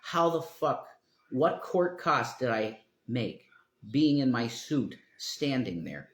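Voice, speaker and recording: A man's voice: mid-range voice, big pitch swings, takes it slowly. A man talking on his own live stream in a meandering, profane monologue, often trailing off mid-sentence. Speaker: livestreamer. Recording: roomy echo.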